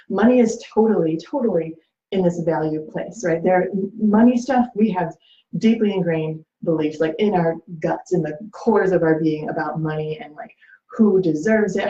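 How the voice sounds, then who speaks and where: A woman's voice: mid-range voice, warm tone. A woman talking through relationship advice in a casual, rambling way, full of fillers and acted-out quotes. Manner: chatty, many fillers, acts out quoted lines. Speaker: host. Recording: echoey room, dull lo-fi sound.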